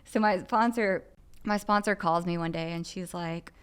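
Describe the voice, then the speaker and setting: A woman's voice: fairly low pitch, normal speed, clean tone. A woman speaking candidly and earnestly on a podcast about her own recovery, with frequent filler phrases. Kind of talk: candid personal podcast talk.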